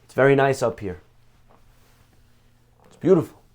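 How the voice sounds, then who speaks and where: A man voicing a humble, saintly old man who speaks gently and reassuringly from heaven, in a storytold Torah class. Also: mid-range voice, lively intonation, unhurried, close to an everyday voice. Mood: wistful.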